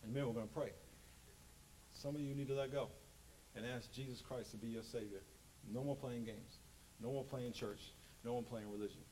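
A man preaching a sermon as pastor, animated and joking, acting out quotes. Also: medium pitch, normal speed, long pauses, slight background noise, rough recording.

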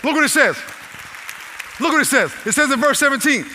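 A male pastor preaching a sermon, swinging between shouted lines and soft, gentle asides. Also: extremely high pitch, lively intonation, a little fast, some chatter behind, a little hiss or hum. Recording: live sermon with long hall reverb.

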